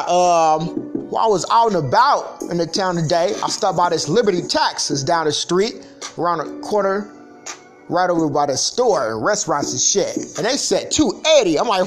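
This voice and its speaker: A man hosting his own podcast, telling a profane, animated story in casual talk. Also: moderate pace, soft background music. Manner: profane, animated storytelling, mimics others in a higher voice. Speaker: podcast host. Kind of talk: casual ranting monologue.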